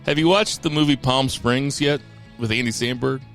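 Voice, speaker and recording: A man's voice: mid-range voice, moderate pace, fairly bright tone, faint music behind. A man hosting a podcast, laid-back and loose, laughing easily as he chats with his co-hosts. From St. Louis area. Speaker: podcast host. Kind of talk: casual podcast chat.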